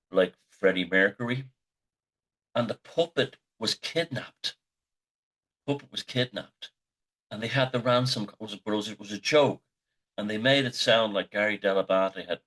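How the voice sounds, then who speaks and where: A man's voice: lowish voice, fairly bright tone. A middle-aged man, the host, telling rambling, sweary anecdotes in a casual monologue.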